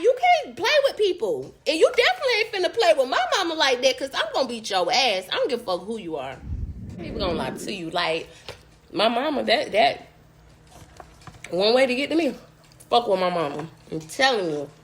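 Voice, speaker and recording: A woman's voice: mid-range voice, fairly bright tone. A young woman vlogger telling a story casually while she eats, blunt and profane.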